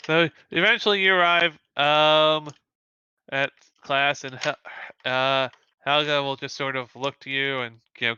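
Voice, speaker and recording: A man's voice: a little high, steady tone, measured pace, pushed and bright, clean tone, dry recording, muffled recording. A man narrating as game master of a tabletop game. He rambles with many fillers and corrects himself often. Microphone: remote call mic.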